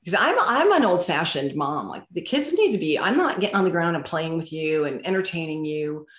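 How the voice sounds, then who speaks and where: A woman's voice: sits low, a little fast. A woman guest telling parenting stories in casual interview talk, acting out bits of dialogue as she goes. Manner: animated storyteller who acts out dialogue. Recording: roomy echo.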